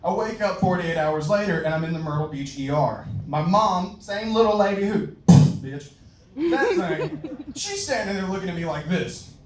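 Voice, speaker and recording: A man's voice: high voice, sing-song, a little slow, background noise. Crude young Southern guy doing stand-up. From Louisiana. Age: young adult. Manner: crude, self-mocking, laughing at his own jokes. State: out of breath. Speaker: stand-up comedian. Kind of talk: open-mic stand-up set. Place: comedy club stage. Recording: echoey club from a distance.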